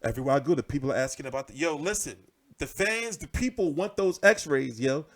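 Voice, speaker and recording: Animated, profane male boxing ranter. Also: on the high side, brisk. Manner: animated, profane, repeats himself. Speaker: boxing commentary host. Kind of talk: casual ranting commentary.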